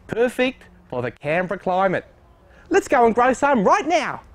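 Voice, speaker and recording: Man, comic sidekick: very high, bouncy voice, eager and silly. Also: huge pitch swings, normal speed, no echo. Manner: goofy, eager, asks naive questions. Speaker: comic co-presenter. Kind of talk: playful tongue-in-cheek banter. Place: outdoors at a plant nursery.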